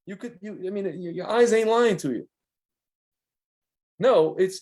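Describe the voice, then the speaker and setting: Rambling, animated man in casual chat. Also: fairly high pitch, a little fast. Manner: rambling, animated storytelling with many restarts. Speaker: podcast co-host.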